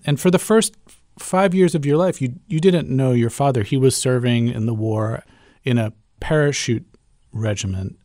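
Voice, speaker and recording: A man's voice: medium pitch, darkish tone, no room sound, studio quality. A man interviewing a guest, asking questions in a curious, slightly hesitant way.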